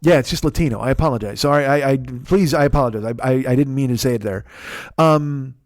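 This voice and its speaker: A man's voice: mid-range voice, fast talker, a little mellow, dry recording, clean studio sound. A man in his forties hosting a comedy podcast, telling a rambling, profane story with lots of restarts. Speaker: podcast host.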